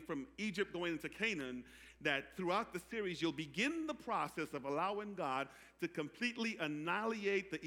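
A man pastor preaching a sermon, calling out to the congregation for responses and building from quiet teaching to loud preaching. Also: fairly high pitch. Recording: echoey hall.

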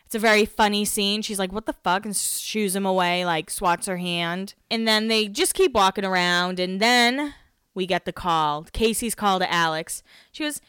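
A woman hosts a casual podcast recap in a chatty, self-mocking way. Her voice is smooth and clear, at a middle pitch. The sound is dry and close. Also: normal speed, fairly bright tone, no echo. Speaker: podcast host.

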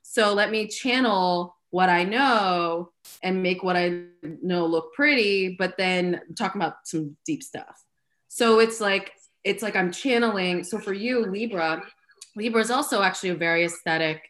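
A woman's voice: mid-range voice, unhurried, a bit bright. A woman astrologer explaining birth chart placements in casual chat, earnest and full of likes and ums. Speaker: astrologer guest.

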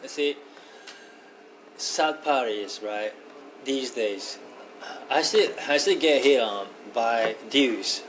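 A man's voice: medium pitch, expressive, takes it slowly, long pauses, fairly bright tone, a little hiss or hum, poor audio. A man chatting casually as a podcast guest, laid-back and easy to laugh. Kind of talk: casual chat.

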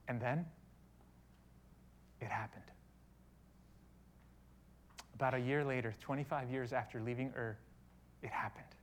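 A man preaching a sermon, retelling a story with dramatic shifts between loud and soft delivery. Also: a little high, normal speed, pauses often. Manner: dramatic storytelling, voicing quoted speech, big swings in loudness. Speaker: pastor.

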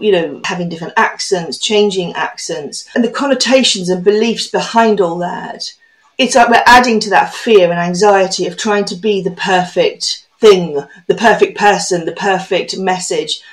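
A woman hosting a podcast interview, reflective and chatty, telling her own stories at a brisk conversational pace. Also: medium pitch, rough recording. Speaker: podcast host.

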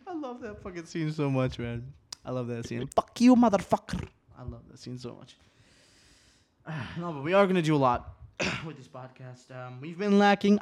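A man hosting his podcast alone in a small home studio, talking casually and rambling, cursing often, swinging between subdued and excited. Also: medium pitch. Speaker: podcast host. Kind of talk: casual solo podcast chat.

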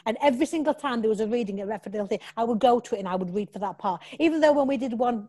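A woman actress talking in a casual interview, rambling and restarting as she tells stories. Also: mid-range voice. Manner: rambling, restarts often, animated storytelling.

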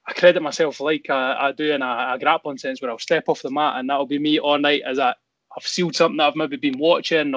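A man's voice: on the high side, a bit bright, no room sound. A Scottish man hosting a podcast in casual chat, eager and chatty, nodding along with frequent agreement. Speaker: host.

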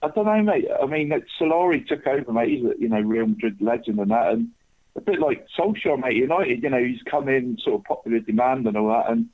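A man's voice: mid-range voice, lively intonation, a little fast. Man, casual podcast chat, rambling, tinny phone-like sound. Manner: chatty, rambling, says "mate" constantly. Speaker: podcast co-host, football tipster.

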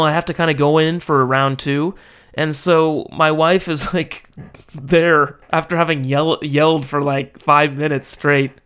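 A man's voice: on the high side, fairly bright tone, clean tone. An American man in his thirties, casually telling rambling, self-deprecating funny stories as a podcast host, often laughing. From United States. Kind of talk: casual storytelling.

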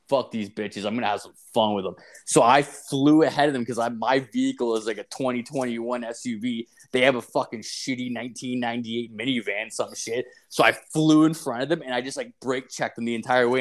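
A young man retells a story in loose, profane chat, leaning on fillers and swearing at every turn. His voice sits in an ordinary middle pitch. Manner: crude, swearing constantly, filler-heavy, animated retelling.

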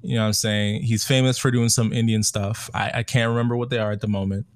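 A young man hosting a podcast in a casual, joking monologue, full of slang and animated storytelling. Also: fairly low pitch, fast, dry recording, clean studio sound. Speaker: podcast host.

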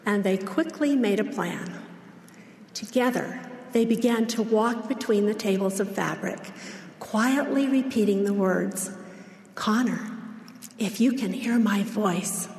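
A woman delivering a sermon as a church speaker, in a measured, gentle way. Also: medium pitch, a little hiss or hum. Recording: echoey large hall.

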